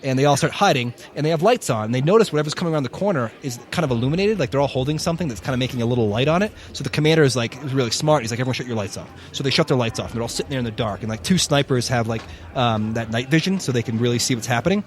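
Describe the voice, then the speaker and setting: A man co-hosting a podcast, telling a story in a casual, animated way, with profanity and plenty of fillers. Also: medium pitch, rapid-fire. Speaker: podcast co-host.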